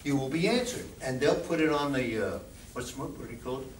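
A man's voice: medium pitch, lively intonation, a little fast. A man giving an informal talk to a club meeting as a guest speaker, chatty and often asking the audience questions. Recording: echoey room, distant mic, faint noise.

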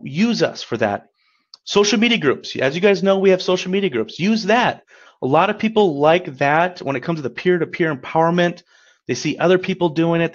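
A man with a fairly high voice coaches a webinar in an upbeat, encouraging tone, chatting and checking in with "right?". The audio is dull and lo-fi. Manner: upbeat, encouraging, conversational, often asks "right?". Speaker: credit repair coach. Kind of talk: webinar presentation.

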